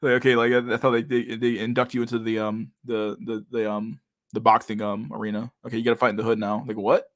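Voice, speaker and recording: Man, 30s, live-stream host, reading chat aloud, casual and profane, low voice, monotone. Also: fairly quick, no echo, studio quality. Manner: casual, profane, says "dude" a lot, reads comments aloud.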